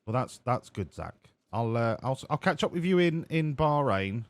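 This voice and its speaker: A man's voice: medium pitch, expressive, moderate pace, hardly any pauses, no room sound. A man giving casual, joking commentary while playing a game, sweary and self-mocking. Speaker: streamer.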